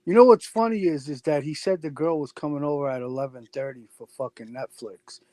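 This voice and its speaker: A man's voice: on the high side, a little fast, dark tone, dry recording. A man co-hosting a casual chat, skeptical and often stammering as he restarts.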